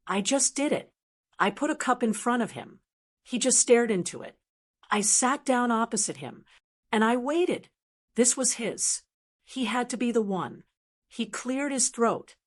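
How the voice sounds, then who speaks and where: An older woman narrating a family story in a calm, measured voice. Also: a little high.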